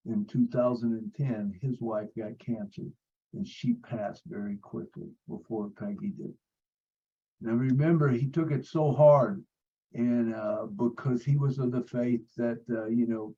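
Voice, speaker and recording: Man, earnest storyteller, repeats himself, video call, muffled lo-fi sound, mid pitch. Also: fairly even intonation, a little slow, warm tone, husky. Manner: earnest, repeats phrases, frequent fillers. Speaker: support group member.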